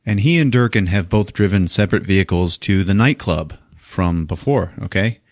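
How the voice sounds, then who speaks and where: Animated man recapping a movie. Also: deep voice, normal speed, no echo, clean studio sound. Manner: animated retelling with acted-out quotes, swearing. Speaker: podcast host. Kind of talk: casual movie recap chat.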